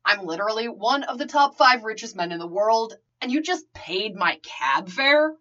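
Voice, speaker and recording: A woman's voice: a little high, animated, moderate pace, sharp tone, muffled recording. A woman voicing a tired, sardonic wealthy man with a whiny, wisecracking manner.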